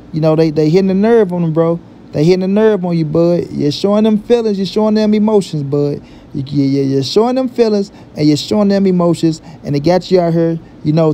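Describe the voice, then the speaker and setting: A man hosting a boxing vlog talks in a high but dark, mellow voice. He repeats his points emphatically and drops profane street slang. Faint noise sits behind him. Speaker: boxing commentary vlogger. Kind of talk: casual opinion talk.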